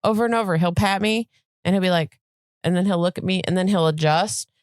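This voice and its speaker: A woman in her forties co-hosting a casual podcast, talking in an animated way and telling stories about her cat. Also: lowish voice, a little fast, no room sound, clean studio sound. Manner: animated, acts out her cat's voice. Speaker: podcast co-host. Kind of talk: casual chat.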